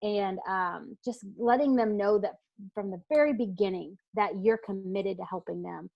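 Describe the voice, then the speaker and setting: A woman's voice: mid-range voice, moderate pace, gravelly, highs cut off. A woman weight-loss coach answering interview questions in a casual, earnest, emphatic way, with frequent fillers and restarts.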